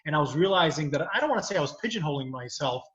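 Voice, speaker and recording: A man talks casually about his comedy career in a rambling, storytelling way, filling gaps with "you know." His voice sits a bit high and sounds bright. The audio is dull and echoey, like a video call from a bare room. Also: lively intonation, very fast. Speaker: comedian and lawyer. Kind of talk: casual chat.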